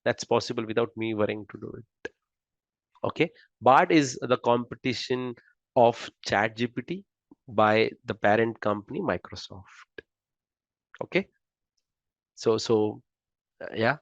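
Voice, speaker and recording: A man's voice: mid-range voice, measured pace, long pauses, dry recording, muffled recording. A man with an Indian accent giving a slide lecture in a chatty, conversational way, often checking in with "right?". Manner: conversational, keeps asking "right?".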